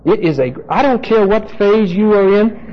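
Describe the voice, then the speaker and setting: A man's voice: sits high, lively intonation, normal speed, a little hiss or hum. A man teaching a sermon from the Bible, insistent and emphatic, turning to his listeners with asides. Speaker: preacher. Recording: dull lo-fi tape recording.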